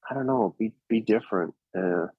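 A male actor telling stories in a casual interview, animated and often restarting his sentences. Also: fairly low pitch, normal speed, vocal fry, slightly rough, no echo, narrow, tinny audio. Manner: anecdotal, animated, with frequent restarts.

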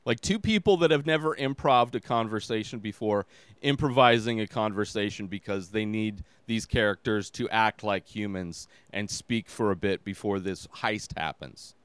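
A man's voice: on the low side, moderate pace, a bit bright, smooth, no echo. A man hosting his own podcast, giving a casual movie review in a rambling, exasperated way with lots of filler words. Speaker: podcast host.

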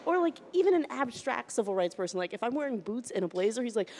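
A woman hosts a casual comedy chat, her voice sitting a touch higher than most. She tells stories with a wry, sarcastic edge. A long reverb trails behind each phrase. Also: sing-song, fast, few pauses, a little mellow. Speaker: podcast host and comedian.

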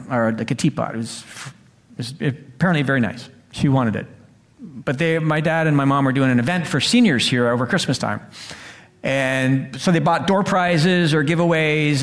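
A middle-aged man preaching a sermon in a church, acting out the quoted voices and swinging between loud lines and hushed ones. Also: mid-range voice. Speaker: pastor. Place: church sanctuary.

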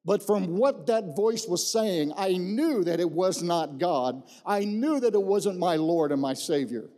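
Folksy middle-aged preacher in a hall. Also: male voice, sits high, lively intonation, a little slow, dark tone. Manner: folksy storyteller, repeats phrases for emphasis. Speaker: pastor. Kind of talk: personal testimony from the pulpit. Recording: long reverb in a large hall.

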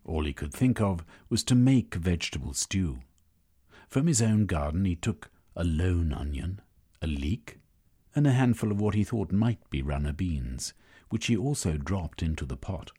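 A middle-aged man reading an audiobook in a husky voice, with expressive storytelling. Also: low-pitched, moderate pace. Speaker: audiobook narrator. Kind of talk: scripted narration.

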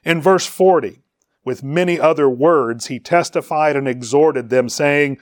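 A fairly high-pitched male preacher reads scripture aloud and unpacks the Greek words behind it, his emphasis rising on questions. The recording is clean studio sound with no echo.

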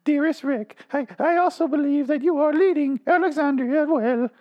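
A man voicing a woman who reads out a tender letter, in a high, mocking falsetto. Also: normal speed, highs cut off. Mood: mocking sweet.

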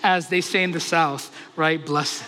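A male pastor preaching a sermon, animated and humorous, telling stories to his congregation. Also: on the high side, a little slow, big-room sound.

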